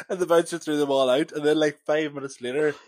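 A man's voice: a little high, fairly even intonation, brisk, darkish tone, no echo. A young man, recalling a night out in a rambling, filler-heavy casual chat. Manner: rambling recollection, many fillers. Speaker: podcast co-host.

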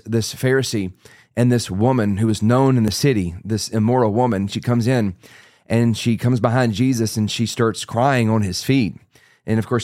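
An earnest man in his forties preaching a personal testimony, circling back and restarting as he tells it. His voice sits at an ordinary middle pitch, and the sound is dry and close with no room around it. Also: a little mellow, dry recording. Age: 40s. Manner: earnest storytelling with many restarts and asides. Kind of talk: sermon testimony.

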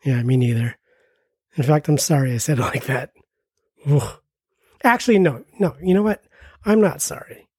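A man in his mid-forties with a slightly husky voice delivers a scripted comedy ad with a wry, self-deprecating tone. The sound is dry and close, with no room around it. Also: fairly high pitch, normal speed, pauses often, darkish tone, no room sound. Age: 40s. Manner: self-mocking, rambling asides. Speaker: comedy podcast promo reader. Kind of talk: jokey scripted ad read.

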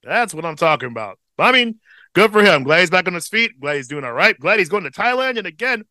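A man in his thirties co-hosting a casual podcast chat, relaxed and profane, with a slight tickle in his throat. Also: high-pitched, fast, dry recording. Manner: laid-back, profane, chuckles often. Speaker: podcast co-host.

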